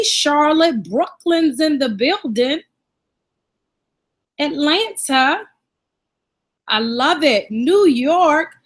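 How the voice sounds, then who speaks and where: A woman's voice: high-pitched, fairly bright tone. A woman from Washington, D.C. hosting a live online class, upbeat and greeting viewers by name and where they are from.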